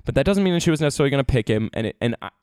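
A man's voice: medium pitch, lively intonation, very fast, darkish tone, smooth, no echo, clean studio sound. A man co-hosting a podcast in casual chat, joking and insisting on his theories. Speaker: podcast co-host.

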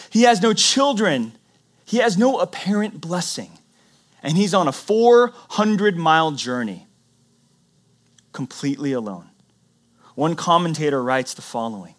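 A man preaching a sermon as pastor, swinging between loud emphatic lines and hushed, near-whispered ones. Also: high-pitched.

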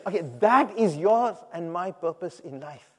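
A man preaching a sermon, who moves between loud, emphatic calls and quiet, reflective asides. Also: sits high, lively intonation, measured pace. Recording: long hall reverb.

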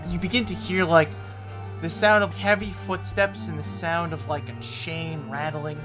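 A man's voice: fairly high pitch, steady tone, moderate pace, music in the background. A man narrating a tabletop game as game master, describing scenes casually with many fillers.

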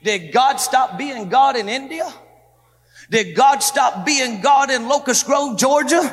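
A pastor preaching a fervent sermon in a church, repeating phrases and quoting people in dialogue. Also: male voice, very high-pitched, expressive, slow pace, fairly bright tone. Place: church sanctuary. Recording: echoey church hall.

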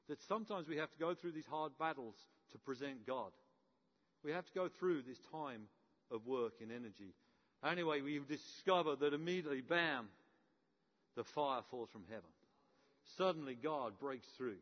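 A man's voice: medium pitch, moderate pace. A man preaching a sermon, telling a story with playful humour and acting out the characters. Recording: muffled with long hall reverb.

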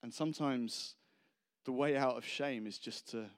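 A man's voice: medium pitch, normal speed. A man preaching a casual, humorous sermon, rambling and self-deprecating between anecdotes.

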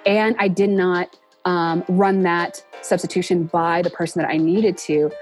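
A woman in her forties, a guest in a casual interview, talking earnestly and reflectively and acting out quoted speech with lively pitch jumps. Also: measured pace, faint music behind. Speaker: interview guest, entertainment production professional.

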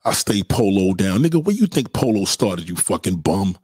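A man's voice: sits low, very animated, moderate pace, darkish tone, breathy edge, no room sound. A man, from Brooklyn, hurling mocking, profane insults in a livestream rant. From Brooklyn, New York. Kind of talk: trash-talking livestream rant.

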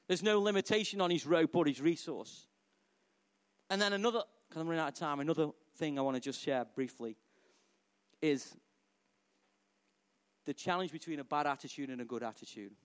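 A middle-aged pastor delivers a sermon in a lively, chatty style, often turning to the congregation with questions. His voice sits a little higher than most men's. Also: normal speed. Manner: animated, conversational preaching with questions to the congregation.

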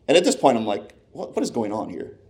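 Speaking fast at an ordinary middle pitch for a man, he shares a personal sports anecdote from the stands in an animated, conversational way. He slips into quoting his own reactions, his pitch and loudness jumping up and down as the tension builds.

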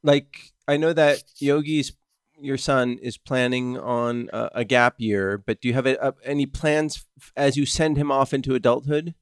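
A man's voice: mid-range voice, clear, resonant tone, dry recording, studio quality. A man hosting a casual podcast, asking questions and teasing his guests. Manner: teasing, quick interviewer. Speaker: podcast host. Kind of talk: casual banter.

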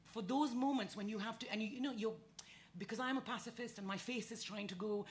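A woman on a comedy panel, telling a story quickly and acting out the voices of the people in it. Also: a little high. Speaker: panel guest.

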